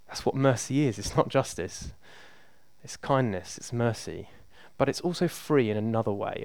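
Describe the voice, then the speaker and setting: Male preacher, conversational and emphatic; clear, resonant voice, dry close sound. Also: medium pitch, no echo. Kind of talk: sermon.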